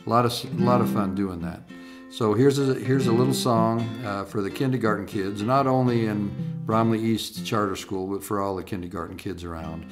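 A man's voice: on the low side, moderate pace, loud music behind the voice. An older man, a singer-songwriter, talking casually to online viewers in a folksy, rambling way, with lots of "uh" and restarts.

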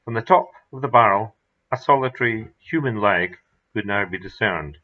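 A man reading his own horror story aloud in a measured, dramatic narration. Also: fairly low pitch, animated. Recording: dull lo-fi recording.

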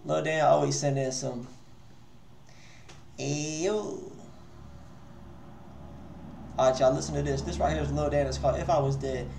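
Man, high voice, roomy echo, slangy livestream host, casual swearing. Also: fairly even intonation, a little slow, gravelly, long pauses, darkish tone, a little hiss or hum. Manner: loose, slangy, swears freely. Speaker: host of a live music review stream. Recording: echoey room.

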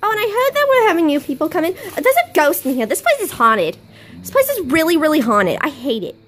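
A young woman plays a brash, wisecracking young host who rambles and bickers with foul-mouthed bluster. Her voice sits high and swoops all over the place. It is a home-video comedy sketch, caught on a camera mic in a living room with a faint hiss behind her. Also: big pitch swings, fairly quick, fairly bright tone. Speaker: fan comedy sketch performer.

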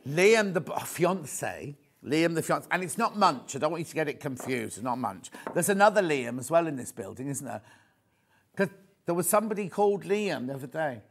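A middle-aged man presenting a live shopping channel, chatty and excitable, often raising his voice. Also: a little high, brisk, breathy edge. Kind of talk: live TV sales pitch. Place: TV studio.

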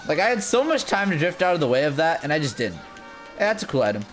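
Man, live gameplay commentary, high voice, swooping pitch, excitable, self-mocking. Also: fast talker, soft background music. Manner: excitable, jumps between muttering and shouting. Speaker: gaming video creator.

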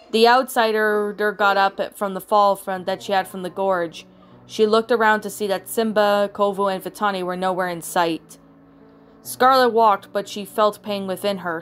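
A woman reading her own fan fiction story aloud as narrator, in a plain, even read-aloud manner with small slips. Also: mid-range voice. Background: soft background music.

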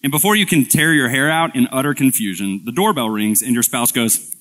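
A man's voice: medium pitch, lively intonation, fairly quick, fairly bright tone. A male pastor preaching a sermon in a church, telling a playful story in a conversational way, often restarting and repeating words. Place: church sanctuary.

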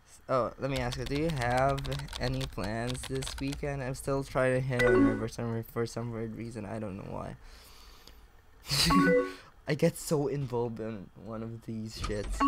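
A man's voice: medium pitch, steady tone, measured pace, long pauses, over music. A young man playing a chat-based game, reading messages aloud and reacting with casual swearing and laughs. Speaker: gaming video creator. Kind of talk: casual let's-play commentary.

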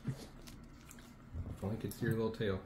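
A man making dry, low-key remarks in casual chat. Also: level tone, measured pace. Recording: echoey room with background noise.

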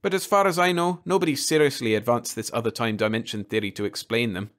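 A man's voice: medium pitch, fast, a bit bright, close to an everyday voice. A man voicing a brash, blunt middle-aged television man. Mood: musing. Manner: breezy and blunt.

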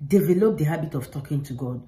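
A woman's voice: sits low, lively intonation, fast talker, mellow, poor audio. A woman talking straight to the camera, giving earnest, informal faith advice and repeating herself for emphasis. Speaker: faith vlogger.

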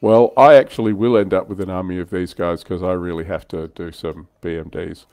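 A man's voice: deep voice, fairly even intonation, brisk, a little mellow, no echo. Older man, dry close voice. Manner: chatty, self-deprecating, laughs often. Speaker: livestream host. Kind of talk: casual livestream chat.

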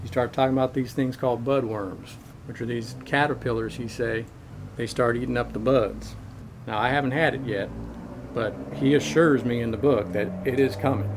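A man's voice: medium pitch, steady tone, normal speed, noisy background, natural voice. A middle-aged man playing a crude, folksy handyman who rambles along in profane slang, in a comedic monologue.

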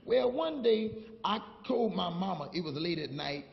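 A man preaching a sermon, telling stories and building to shouted call-and-response with the congregation. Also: high-pitched, expressive, normal speed, vocal fry. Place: church sanctuary. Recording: dull, long-reverb church hall recording.

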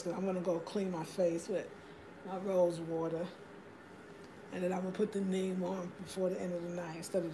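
Woman hosting a relaxed home livestream, chatty and upbeat, reading out viewer comments. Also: lowish voice, background noise. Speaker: livestream host.

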